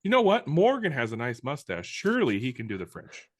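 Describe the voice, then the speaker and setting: Man, casual podcast co-host, reads aloud plainly, lively pitch, dry close-mic sound. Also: a little fast, no echo. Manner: reads listener questions aloud plainly, no put-on accents.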